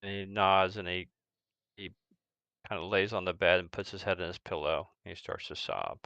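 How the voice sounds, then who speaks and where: Game master: man, bright crisp voice, dry close sound, halting narration. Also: sits low, dry recording, dull audio. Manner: halting, narrates in third person.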